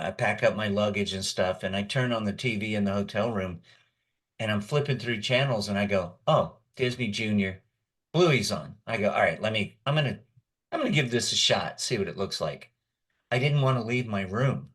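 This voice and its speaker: A man's voice: lowish voice, brisk, fairly bright tone. A middle-aged man, a voice actor and guest, telling long rambling stories in a casual interview chat. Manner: rambling storyteller.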